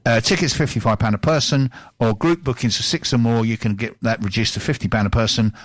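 A man's voice: medium pitch, a little fast, dry recording. A man presenting on local radio, chatting casually and reading out event listings in an upbeat way.

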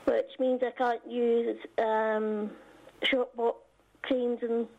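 A woman's voice: a little high, flat delivery, slow. A Scottish woman calling in by phone to a radio show as a small business owner, hesitant with many ums. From Scotland. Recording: dull phone line.

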